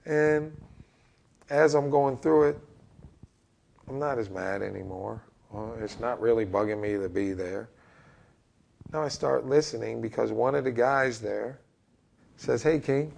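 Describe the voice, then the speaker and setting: A man's voice: mid-range voice, measured pace, vocal fry, pauses often, darkish tone. A middle-aged man and basketball coach telling his own story as a podcast guest, acting out what other people said. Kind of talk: candid storytelling in a podcast interview.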